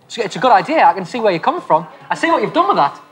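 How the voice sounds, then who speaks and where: A man co-hosting a live children's TV show, reading out viewers' letters and teasing his partner with deadpan jokes. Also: high-pitched, rapid-fire, soft background music. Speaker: children's TV co-host. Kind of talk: playful live studio banter. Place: TV studio.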